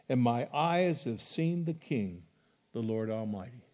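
A man's voice: mid-range voice, a little slow. A middle-aged man preaching a sermon as a pastor, reading scripture with rising emphasis and chatting to the congregation between passages. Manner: animated preaching, rising loud on scripture quotes.

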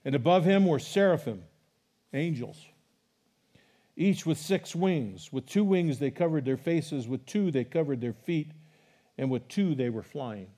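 Pastor guy giving a sermon, warm mellow voice, gets loud on the big lines. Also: on the high side, a little slow. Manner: animated preaching, rising loud on scripture quotes.

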